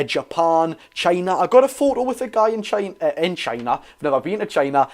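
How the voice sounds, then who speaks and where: A young man with a Geordie accent doing a live football watch-along, chatting to viewers and calling the play excitably. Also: fairly high pitch. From North East England. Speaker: football fan streamer.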